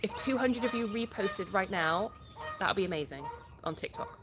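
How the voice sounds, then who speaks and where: An English woman hosts a relaxed live stream and chats her way through viewer questions one by one. Her voice sits at an ordinary middle pitch, and she restarts sentences as she goes. Faint birdsong drifts along behind her. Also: normal speed, background noise. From England. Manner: reads viewer comments aloud and answers them, chatty with restarts. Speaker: livestream host. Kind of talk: casual live-stream chat.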